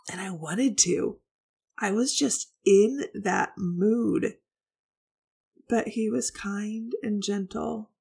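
Candid woman with a gravelly voice. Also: mid-range voice, takes it slowly, a little mellow. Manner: candid, reflective, confessional. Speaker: podcast host. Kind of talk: personal storytelling to listeners.

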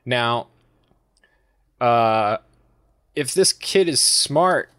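A man's voice: mid-range voice, expressive, very slow, sharp tone, smooth, dry recording. Brief: American guy, podcast co-host, foul-mouthed rambling banter, dry close sound. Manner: profane, mocking, rambling with fillers. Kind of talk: crude casual chat.

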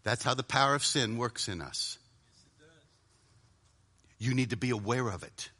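A middle-aged man preaching a sermon to a live audience, dramatic, often dropping to a hushed voice for emphasis and acting out inner voices. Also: mid-range voice, moderate pace.

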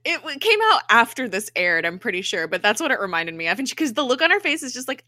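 A woman's voice: fairly high pitch, fast, no room sound, clean studio sound. A young woman casually recapping a TV episode on a podcast, acting out the characters' lines with frequent laughter. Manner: animated retelling, acting out quotes, frequent laughter and "like" fillers. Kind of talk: casual chat.

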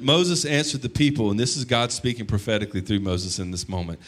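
A man in his thirties, a pastor preaching a sermon, telling the story conversationally and breaking into sudden loud bursts. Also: mid-range voice, fairly quick.

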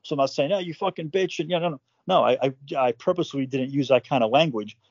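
A man telling his own story in casual conversation, swearing freely, stumbling over repeated words and acting out quotes with jumps in pitch. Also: quick pace, no room sound, highs cut off.

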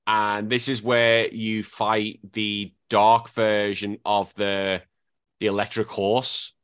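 A man hosting a casual podcast chat, talking animatedly and breaking into high-pitched impressions. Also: little pitch movement, slow, fairly bright tone, clear, resonant tone, no echo, clean studio sound. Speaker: podcast host.

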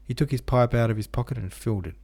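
A man reading a classic novel aloud as audiobook narrator, measured and expressive. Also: medium pitch, no room sound.

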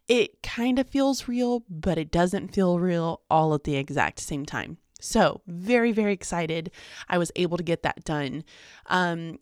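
A woman's voice: lowish voice, no room sound, studio quality. A young woman, a teacher and podcaster, chatting casually in a vlog diary with frequent ums and little laughs. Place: home, quiet in the mornings.

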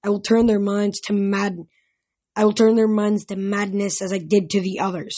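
A woman with a husky voice reading the lines of a smug, mocking male ghost king in an audiobook. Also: medium pitch, level tone, normal speed, warm tone, close to an everyday voice.

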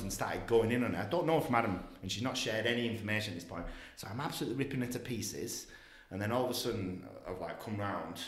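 A man with a lowish voice tells a story in an animated way, often swearing and acting out the voices of others. His voice is recorded on a podcast mic in a room that gives it a clear echo. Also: fast. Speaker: guest. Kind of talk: casual storytelling. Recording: echoey room.

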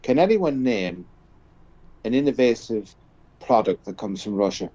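A man giving political commentary as a radio guest, talking haltingly with many restarts. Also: mid-range voice, lively intonation, dark tone, dry recording, dull audio.

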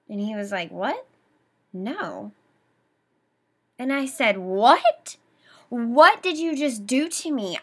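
A woman's voice: fairly high pitch, a bit bright. A young adult woman hosting a podcast, retelling a painful personal story with emotion and quoted dialogue. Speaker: podcast host.

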